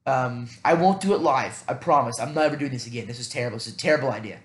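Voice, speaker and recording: A man's voice: medium pitch, fast, reverberant, a little hiss or hum. A man hosting a casual solo podcast, thinking aloud in a rambling, self-deprecating way with many fillers. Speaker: podcast host.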